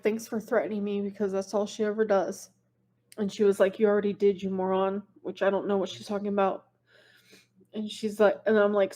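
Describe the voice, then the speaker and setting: A woman on a livestream venting in a rambling, filler-heavy way and quickly reading text messages aloud. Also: mid-range voice, darkish tone.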